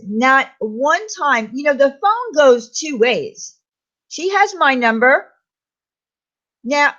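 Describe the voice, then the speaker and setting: A woman's voice: high-pitched, fairly bright tone, highs cut off. A woman hosting her own channel, angrily ranting with sarcastic, indignant questions and repeated names. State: angry. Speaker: YouTube commentary host. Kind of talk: angry ranting commentary.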